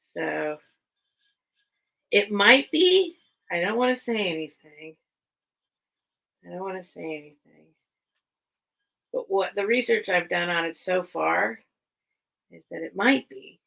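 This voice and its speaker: A woman's voice: on the low side, a little slow, gravelly, long pauses, a bit bright, low-quality recording. A woman hosting a casual live sale stream, chatting in a rambling, enthusiastic way. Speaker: online sale host. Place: at home among her collection.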